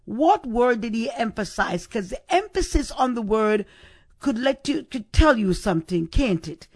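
A woman's voice: fairly high pitch, big pitch swings, a little slow. A woman hosting a devotional podcast, giving a reflection on scripture. She repeats her phrases and keeps asking the listener rhetorical questions.

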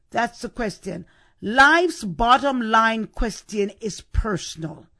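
Female devotional podcast host, slow and measured delivery, repetitive, full of rhetorical questions. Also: on the high side, a bit bright. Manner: repeats phrases and asks the listener rhetorical questions. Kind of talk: devotional scripture reflection.

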